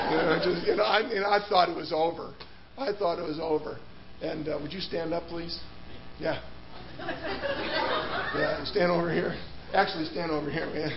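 A man's voice: on the high side, expressive, normal speed, highs cut off. A man preaching a sermon, telling a story with laughs and restarts before turning to scripture. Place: church hall.

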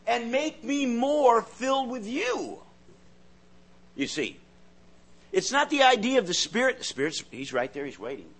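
A man preaching a sermon in an earnest way, often repeating words as he searches for the next thought, his loudness rising and falling. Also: very high-pitched, slightly rough.

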